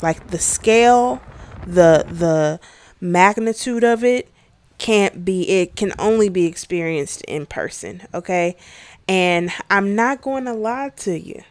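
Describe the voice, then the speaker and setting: A woman's voice: medium pitch, darkish tone. A woman travel vlogger narrating casually in voice-over, chatty, with filler words and asides to the viewers.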